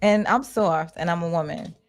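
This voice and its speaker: Gravelly-voiced woman chatting candidly. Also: on the low side, normal speed, faint music behind. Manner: candid, blunt, swears casually. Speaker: livestream host. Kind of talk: casual live chat reading comments.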